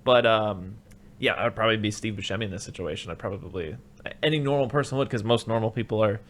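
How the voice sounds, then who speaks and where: A man's voice: lowish voice, fast, fairly bright tone. A man hosting a casual movie podcast, swearing freely and acting out characters' lines in a raised voice. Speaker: podcast host.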